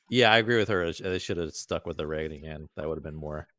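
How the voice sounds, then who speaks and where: A man's voice: very deep voice, a little fast, bright, forceful tone. A man panelist in a casual film-review chat, laid-back and chuckling between remarks. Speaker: podcast panelist.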